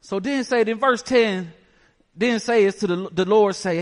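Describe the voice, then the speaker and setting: High-voiced man preaching in a reverberant hall. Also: moderate pace. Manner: emphatic preaching with rhetorical questions. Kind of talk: sermon.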